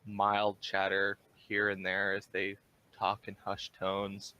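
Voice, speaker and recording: Low-voiced man narrating as game master. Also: completely flat delivery, slow, pushed and bright, slight background noise, poor audio.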